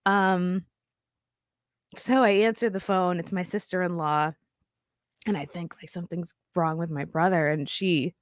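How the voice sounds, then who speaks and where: A woman comedian telling fans a personal story, halting and emotional, choked up and near tears, swearing and restarting as she goes. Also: lowish voice, fairly even intonation, dry recording, clean studio sound.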